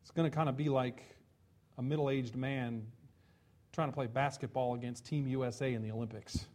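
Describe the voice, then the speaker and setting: A man preaching a sermon, retelling a scripture story with lively storytelling and acted-out shouts. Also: medium pitch, normal speed. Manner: lively storytelling, acting out voices and taunts.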